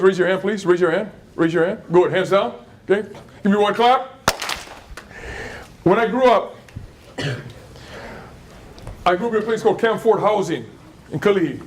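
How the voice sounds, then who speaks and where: A man's voice: high-pitched, a little hiss or hum. A middle-aged man, giving a storytelling talk to schoolchildren, interactive, asking the audience questions and repeating phrases. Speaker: motivational speaker at a school.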